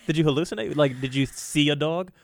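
Woman host, very deep voice, fast talker, dry close sound. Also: no room sound. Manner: quick, teasing follow-up questions. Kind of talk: casual chat.

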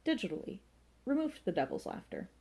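A woman's voice: mid-range voice, sing-song, fairly quick, a little mellow, slightly rough, pitched above the performer's own voice. A woman reading an audiobook voices Johnny, a genteel, unflappable man who speaks in a languid, airy, well-spoken way. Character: genteel, unflappable young man about town.

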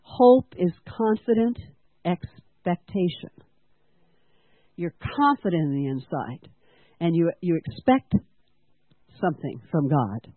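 Animated yet slow, with long pauses, this medium-pitched church-school teacher preaches earnestly, putting questions to the congregation and leading them in repeating lines. The sound is dry and tinny, phone-like, with no room sound.

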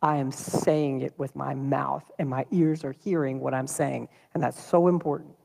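A man preaching a sermon in a church, talking in a lively, conversational way and throwing rhetorical questions at the congregation. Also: medium pitch, normal speed, vocal fry, big-room sound, noisy background. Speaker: pastor.

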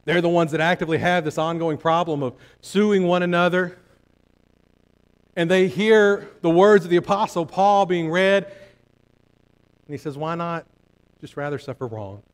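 A man preaching a sermon in church, swinging from hushed asides to loud emphatic repetition and asking the congregation rhetorical questions. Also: sits high, steady tone, moderate pace, pauses often.

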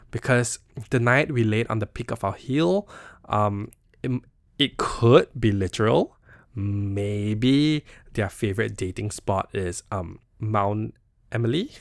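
A man's voice: on the low side, gravelly, no echo, studio quality. A young Singaporean man hosting a podcast, casually unpacking a poetry book in a chatty, playful way, full of "you know" and "like". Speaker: podcast host. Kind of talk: casual solo literary analysis.

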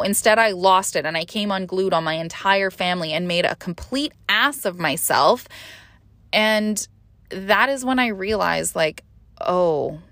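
A woman's voice: mid-range voice, fairly bright tone. A young adult woman hosting a podcast, candidly talking through a personal story in a rambling, emotional way, with lots of fillers and swearing. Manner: emotional, rising sharply when reliving panic. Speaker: podcast host. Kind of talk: confessional podcast monologue.

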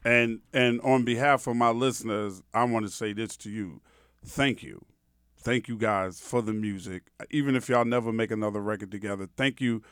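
A man's voice: on the low side, moderate pace, a bit bright, smooth, no room sound, clean studio sound. A man from New York hosting a podcast, talking in an emphatic, profane and heartfelt way. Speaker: podcast host. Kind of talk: casual interview chat.

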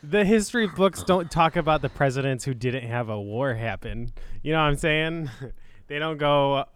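A man's voice: a little high, animated, normal speed, a bit bright, clean tone. A young man co-hosting a casual podcast, telling stories with frequent laughter and quoting others. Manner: storytelling, laughs often, quotes others. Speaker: podcast co-host. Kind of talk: casual chat.

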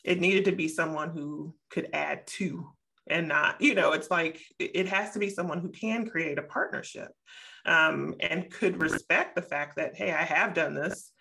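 A middle-aged woman co-hosting a casual panel discussion, making measured, reasoned points and repeating them for emphasis. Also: low-pitched, creaky, bright, forceful tone. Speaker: co-host.

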